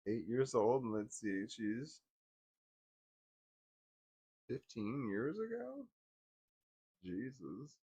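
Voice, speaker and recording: A man in his forties casually telling personal stories, wry and laughing at first, trailing off into bitter quiet. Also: medium pitch, sing-song, very slow, pauses often, husky. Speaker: vlogger.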